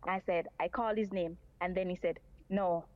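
A woman's voice: on the low side, fairly even intonation, fast talker. Lady calling into a radio show, says things twice, kinda muffled phone line. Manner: earnest, repeats her points. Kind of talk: talk radio call-in.

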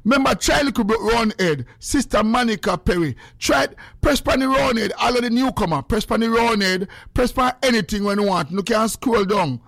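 A man's voice: high-pitched, moderate pace, creaky, hardly any pauses, fairly bright tone, no echo. A man with a Jamaican accent hosting a casual livestream, greeting viewers by name and teasing them playfully. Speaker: livestream host.

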